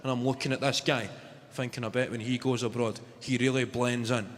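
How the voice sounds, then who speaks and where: A man's voice: mid-range voice, flat delivery, a little fast. A Glaswegian man doing a stand-up comedy set, telling stories with punchy delivery and mimicked voices. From Scotland. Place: comedy venue stage. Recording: reverberant venue with loud audience noise.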